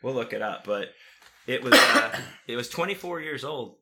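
A man's voice: medium pitch, animated, moderate pace, crowd noise. A man telling stories in casual chat, rambling and profane, with lots of fillers and restarts.

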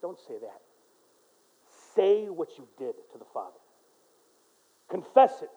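A male pastor preaching a sermon, dropping to a quiet voice for prayers and rising to loud, emphatic exhortation. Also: sits high, big pitch swings, unhurried, breathy edge, poor audio.

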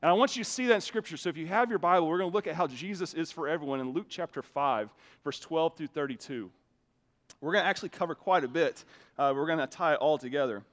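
High-voiced man preaching conversationally. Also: fast. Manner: conversational preaching, often repeats words when starting a phrase; loudness swings widely, from soft asides to emphatic raised lines. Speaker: pastor. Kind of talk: sermon.

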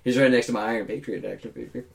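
A man in casual podcast chat, animated and swearing freely, cracking jokey asides. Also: medium pitch, racing, vocal fry, far from the mic.

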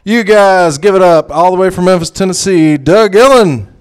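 A male emcee, slightly high-voiced, hypes the audience and brings on the next comic. He is heard from across a small room, with a faint crowd murmur and some background noise. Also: normal speed. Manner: hyping the crowd, slightly fumbling. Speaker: host. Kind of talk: introducing acts. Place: small comedy venue.

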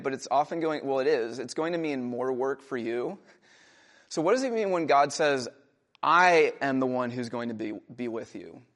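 A young adult man, a pastor, preaching a sermon in a conversational storytelling way, raising his voice for emphatic quotations. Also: medium pitch. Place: church.

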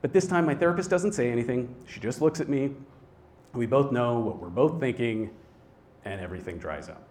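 A young man telling a personal story on stage, his delivery swinging between quiet and loud. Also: medium pitch, animated, a little fast.

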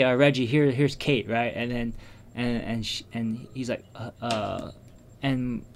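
In an unhurried, medium-pitched voice, a man reflects quietly on a personal story during casual conversation. His subdued telling is full of restarts, with fillers that fade away softly.

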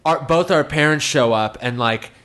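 A man's voice: medium pitch, normal speed, a bit bright. A man, a comedian guest, telling a story in a loose, profane way, full of "like" fillers and acting out the people in it. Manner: acts out the voices of people in his stories. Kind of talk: casual podcast storytelling.

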